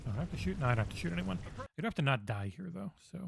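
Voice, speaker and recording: A man streaming a game for charity on a headset mic, chatting excitedly with viewers and swearing freely. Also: a little high, very fast, vocal fry, background noise. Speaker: charity livestream gamer. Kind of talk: casual game-stream commentary. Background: game music.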